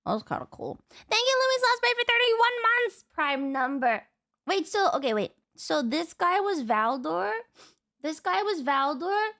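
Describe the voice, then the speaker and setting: A woman streamer chatting casually as she reacts, excitable and swearing freely. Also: very high-pitched, measured pace.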